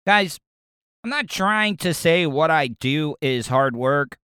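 A man's voice: fairly high pitch, animated, slow, pushed and bright, clean tone, no room sound, clean studio sound. A man with a Southern US accent hosting his own podcast, chatting loosely and rambling with repeated words. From American South. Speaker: podcast host. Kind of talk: casual solo podcast talk.

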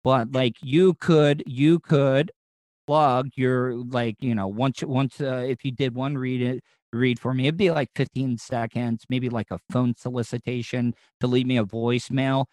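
A man's voice: medium pitch, steady tone, unhurried, darkish tone, dry recording. A man with a Southern American accent, a radio host rambling through a casual interview chat with plenty of fillers and restarts. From Southern United States.

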